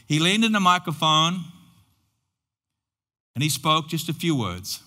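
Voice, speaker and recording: A high, bright-toned man preaches slowly, building a story with dramatic pauses. His voice rings through a church hall with a long reverb. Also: sing-song. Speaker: pastor. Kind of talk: sermon storytelling.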